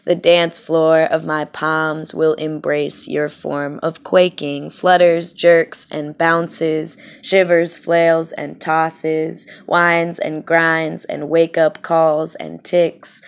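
A woman poet performing spoken-word poetry with a measured, rhythmic, deliberate delivery. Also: sits low, vocal fry, smooth.

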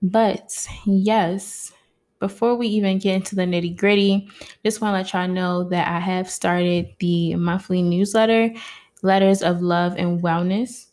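A woman hosts her podcast with a slightly low voice, speaking close to a mic. She talks in a warm, heartfelt, casual way, calling her listeners y'all. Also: fairly even intonation, a little slow. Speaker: podcast host. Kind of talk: casual solo podcast talk.

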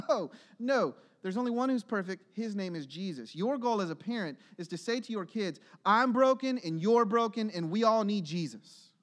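A male pastor with a fairly high voice delivers a sermon in a church. He is earnest and builds to emphatic, urgent exhortation. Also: expressive, moderate pace, hardly any pauses, fairly bright tone.

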